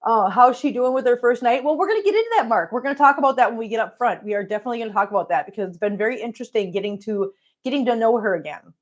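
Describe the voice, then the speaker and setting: Middle-aged woman, casual livestream host at home; chatty, friendly greetings, slightly high pitch. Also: expressive, racing, muffled recording. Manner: chatty, greets viewers warmly by name. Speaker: cat channel host.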